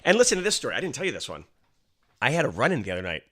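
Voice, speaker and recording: Male podcast co-host, casual chat, bright and lively delivery, swears often. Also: mid-range voice, very fast. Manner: animated storyteller, swears freely.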